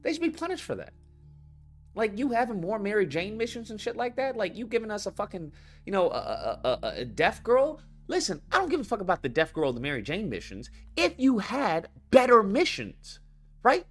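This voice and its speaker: A man streaming live talks fairly quickly in a high voice full of big pitch swings. He's ranting about video games off the cuff, cursing, heated, repeating himself, and reading chat comments out loud.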